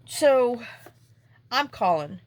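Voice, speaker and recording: A woman's voice: fairly high pitch, very animated, very slow, no echo. A woman vlogger telling a story in a chatty, exasperated way while she works on a papercraft project at home. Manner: chatty, exasperated, salty venting. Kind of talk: casual storytelling while crafting.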